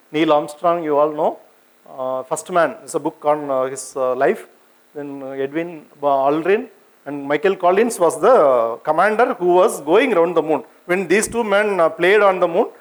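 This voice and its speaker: A man's voice: a little high, rough recording. A man with an Indian English accent giving an informal science lecture, hesitant with many fillers and restarts, asking his audience questions. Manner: asks the audience questions, conversational. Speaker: senior scientist giving a public talk.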